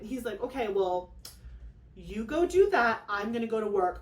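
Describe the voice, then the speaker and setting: A young woman hosting a casual vlog, telling a story in an excitable, rambling way with lots of fillers and acted-out quotes. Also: fairly high pitch, normal speed, a little hiss or hum. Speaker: craft channel host. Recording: echoey room.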